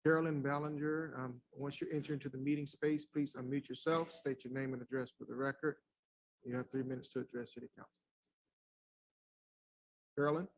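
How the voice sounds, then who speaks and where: A man's voice: mid-range voice, steady tone, fairly quick, pauses often, low-quality recording. A man acting as meeting clerk, calling speakers and reading procedure in a routine, businesslike way. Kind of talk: procedural announcements.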